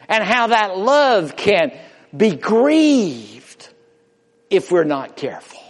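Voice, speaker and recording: Male preacher, slightly high voice, unhurried emphatic sermon delivery, reverberant church sound. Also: a little mellow. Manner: slow, emphatic preaching with rising and falling delivery.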